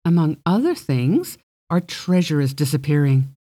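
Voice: medium pitch, sing-song, moderate pace, mellow, dry recording, clean studio sound. A reader voicing a proud, guarded fairy princess who speaks formally and bargains haughtily. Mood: haughty. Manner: arrogant, formal, evasive.

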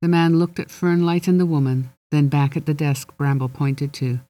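A narrator reading a children's fantasy story aloud in a steady, gently expressive way. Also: mid-range voice, moderate pace, no room sound. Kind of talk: audiobook narration.

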